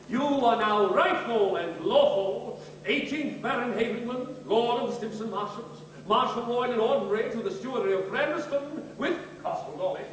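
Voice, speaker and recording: A man's voice: very high-pitched, fairly bright tone, slight background noise. A man playing a fussy formal solicitor. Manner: formal, precise. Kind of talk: live stage musical dialogue. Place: theatre stage. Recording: echoey theatre from far off.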